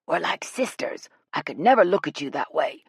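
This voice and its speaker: Brash older woman, blunt and teasing, loud, read by a female narrator. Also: sits low, very animated, normal speed, gravelly, slightly rough, dry recording, clean studio sound, heavily acted. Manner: brash and bossy.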